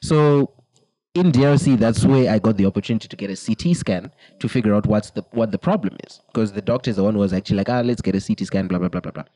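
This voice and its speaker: A man's voice: fairly low pitch, fast, dark tone, no room sound, low-quality recording. A young man, a podcast co-host, telling a long personal story in casual chat, laughing often and quoting people in put-on voices.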